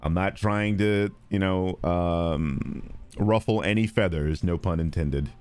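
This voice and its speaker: A man streaming live, chatting casually and responding to viewers, animated and blunt, with frequent swearing. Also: takes it slowly, smooth. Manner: animated, swings between loud and low, swears freely.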